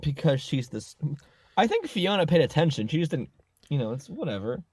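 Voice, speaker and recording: A man's voice: a little high, big pitch swings, brisk, darkish tone, husky, dry recording. A man co-hosting a podcast, recapping a movie in a rambling, joking way and often correcting himself. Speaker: podcast co-host. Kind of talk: casual chat recapping a movie. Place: podcast recording setup.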